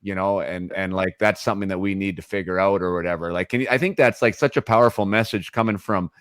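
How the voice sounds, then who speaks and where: A man's voice: deep voice, steady tone, fast, a bit bright, dry recording, studio quality. A man hosting a podcast interview, asking long, hesitant questions full of fillers and restarts. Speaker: podcast host. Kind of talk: casual interview conversation.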